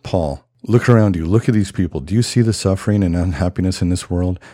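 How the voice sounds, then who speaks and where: A man's voice: deep voice, fast talker, warm tone, dry recording. A man voicing a fervent, defiant male apostle who preaches emphatically, read aloud from a film scene.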